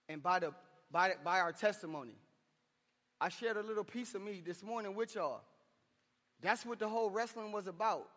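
A man's voice: high voice, normal speed, long pauses, fairly bright tone, in a large hall. A man preaching a sermon to men in a church, impassioned and conversational, with slangy asides. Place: church hall.

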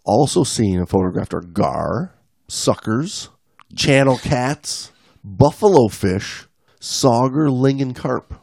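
Gravelly man reading an article aloud. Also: medium pitch, animated, takes it slowly, a little mellow, no room sound. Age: 40s. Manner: plain read-aloud, wry asides. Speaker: podcast co-host.

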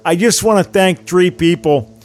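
A man's voice: high-pitched, moderate pace, darkish tone, pitched above the performer's own voice, close to an everyday voice. A man imitating a retired football star giving a speech with a thick Chicago accent. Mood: earnest.

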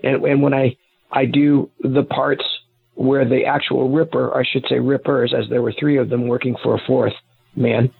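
Raspy man on a phone line. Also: medium pitch, no echo. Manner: earnest, explains at length with restarts. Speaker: author and private investigator guest. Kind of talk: casual interview talk. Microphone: phone call.

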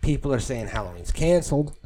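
A man's voice: mid-range voice, sing-song, fairly quick, mellow. A man co-hosting a casual podcast, joking around and riffing with his partner. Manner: joking, puts on silly voices in quotes. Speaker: podcast co-host. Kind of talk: casual crude banter.

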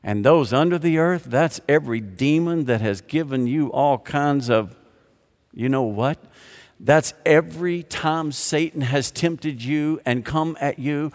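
An older man preaching with a fairly high voice, swinging between fervent emphasis and hushed, tender moments. His sermon rings out in a hall with a long, lingering echo. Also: measured pace. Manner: impassioned, emphatic preaching with rhetorical questions. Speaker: pastor. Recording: long reverb of a large hall.

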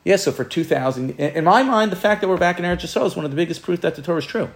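A man's voice: high voice, racing, gravelly. Rambling man teaching Torah. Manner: rambling, repeats words and restarts often. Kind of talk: informal Torah class.

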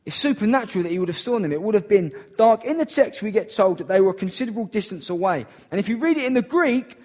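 A man's voice: high voice, animated, quick pace, a little mellow. A man preaching a sermon in an earnest, emphatic way, repeating key phrases for weight.

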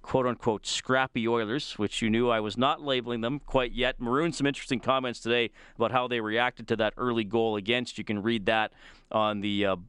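A man hosts a sports talk show on the radio, talking in a relaxed, conversational way and often restarting his sentences. His voice is smooth and clear at a middle pitch. The studio sound is dry and close. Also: fairly quick, no echo. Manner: conversational, with frequent restarts and filler. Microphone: studio microphone.

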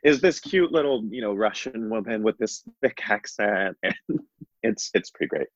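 A man's voice: fairly low pitch, expressive, normal speed, no room sound, lo-fi sound. A man hosting casual chat, rambling with lots of fillers and frequent laughs.

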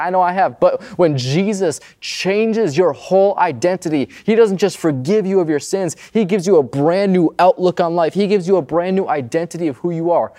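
Pastor, male, young adult, higher-pitched voice, easygoing conversational sermon delivery. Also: dark tone. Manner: conversational, often adds "right?".

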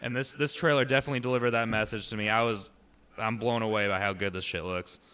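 A young man talking casually on a podcast, his voice bright and clear, slightly low in pitch. He is animated, swears a lot and slips into quick impressions of movie lines. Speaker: podcast co-host. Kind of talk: casual chat.

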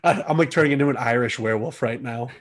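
A man's voice: medium pitch, fast. A man co-hosting a casual podcast chat, joking around and laughing often. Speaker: podcast co-host.

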